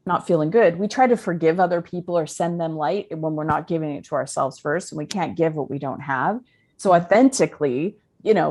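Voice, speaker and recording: Lower-pitched woman, earnest life coach. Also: darkish tone. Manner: earnest, talks in spiritual self-help terms with many fillers. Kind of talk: podcast interview conversation.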